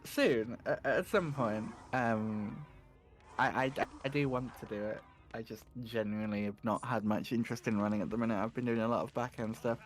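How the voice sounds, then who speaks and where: A man's voice: mid-range voice, moderate pace. A man commentating a speedrun in casual chat, teasing his co-host and talking to chat.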